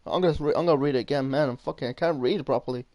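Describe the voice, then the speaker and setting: A man's voice: medium pitch, rapid-fire, a little mellow, no room sound. A man doing casual gaming commentary, rambling and swearing while he reads his chat. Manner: rambling, swearing, many restarts. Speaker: gaming streamer.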